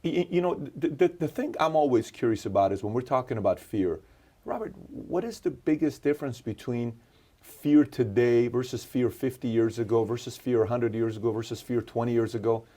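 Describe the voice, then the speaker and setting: A man's voice: mid-range voice, brisk, dark tone. A man interviewing a guest, agreeable, asking long rambling questions.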